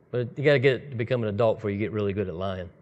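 A man's voice: fairly low pitch, a little mellow, lo-fi sound. A man preaching a sermon in a conversational, storytelling way, speeding up in bursts. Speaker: pastor.

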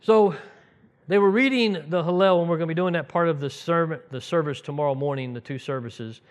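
A man preaching a conversational sermon, retelling Bible scenes in an animated way and acting out the voices in them. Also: a little high, a little fast. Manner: animated, acts out quoted voices, chuckles, restarts sentences. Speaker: preacher teaching the congregation.

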